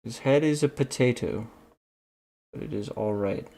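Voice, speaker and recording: A man's voice: mid-range voice, moderate pace, dark tone. A man chatting playfully to himself while he draws, giggling often. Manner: giggly, playful self-talk. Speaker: online artist. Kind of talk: casual talk while drawing.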